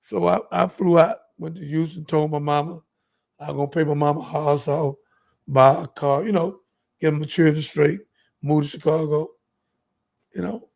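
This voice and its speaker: A man from Texas, a guest telling a story in an animated, emphatic, colloquial way. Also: on the high side, moderate pace, creaky.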